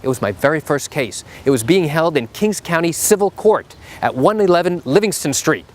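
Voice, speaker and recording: Animated middle-aged male attorney. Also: on the high side, moderate pace. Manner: animated and emphatic, acts out the quotes. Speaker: trial attorney. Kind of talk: storytelling to camera.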